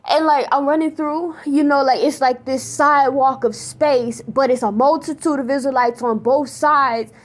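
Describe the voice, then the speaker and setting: A woman telling a dream to her viewers in a casual spiritual testimony, animated and slangy with many fillers, still shaken as she talks. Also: high voice, normal speed, hardly any pauses. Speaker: vlogger recounting a dream.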